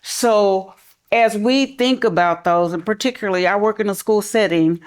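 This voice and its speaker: A middle-aged woman who works in schools, speaking conversationally on a panel and softening her voice for examples. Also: mid-range voice, normal speed. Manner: conversational, relaxed, drops to a soft calm voice for examples. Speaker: school mental health professional. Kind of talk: panel talk.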